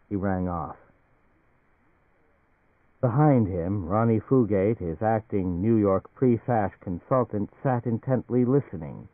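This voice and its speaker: A man reading a novel aloud in a steady, even narration. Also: fairly low pitch, takes it slowly, dry recording. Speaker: audiobook narrator. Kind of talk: scripted narration. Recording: phone-like narrow band, dry.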